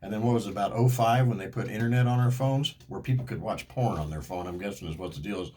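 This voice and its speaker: A man's voice: fairly low pitch, fast talker, few pauses, dark tone, a little hiss or hum. Cranky, profane middle-aged man ranting. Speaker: vlogger. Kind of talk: casual ranting monologue.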